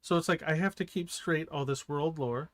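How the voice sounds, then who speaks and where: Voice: medium pitch, normal speed, no room sound. A co-host chatting casually about books, hesitant and stammering with a wry humor.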